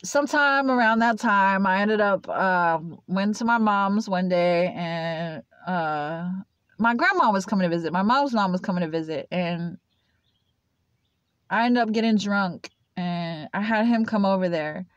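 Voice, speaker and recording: A woman's voice: medium pitch, animated, unhurried, clean tone, dry recording. A young woman telling her own story to camera in a loose, rambling way, full of "like" and "uh". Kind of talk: casual personal storytelling to camera. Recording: dull lo-fi, dry sound.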